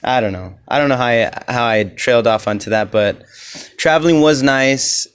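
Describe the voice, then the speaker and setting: A man's voice: mid-range voice, normal speed, smooth. La guy rambling on his solo podcast, casual, lots of "you know"s. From Los Angeles. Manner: rambling, loose, many "you know" fillers. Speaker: podcast host.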